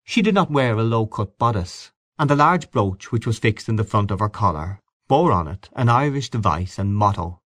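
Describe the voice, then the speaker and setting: Male audiobook narrator, lowish voice, very animated intonation, measured literary reading. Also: no room sound, studio quality. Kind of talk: expressive storybook narration.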